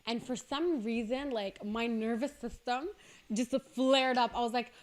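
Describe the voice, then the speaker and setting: A young woman with a high voice tells a lively story in casual podcast chat. She is animated and laughs at herself as she goes. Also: measured pace. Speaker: podcast guest.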